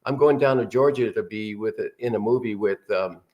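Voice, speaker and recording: A man's voice: lowish voice, fairly quick, lo-fi sound. An older man, a guest actor, telling rambling anecdotes in a casual interview.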